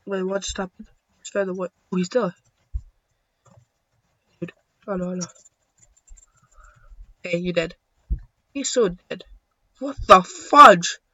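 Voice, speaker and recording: A young man giving excitable, joking commentary while playing a video game, swearing now and then. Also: high voice, unhurried, pauses often, dry recording. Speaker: gaming YouTuber. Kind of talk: casual gameplay commentary. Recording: dull lo-fi dry sound.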